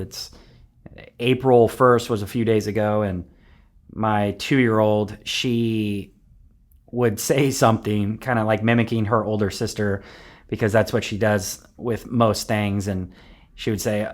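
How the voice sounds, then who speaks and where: A man in his thirties with a low voice speaks as a guest on a casual podcast. He is soft-spoken and reflective, and his sentences often trail off into quiet. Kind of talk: casual interview chat.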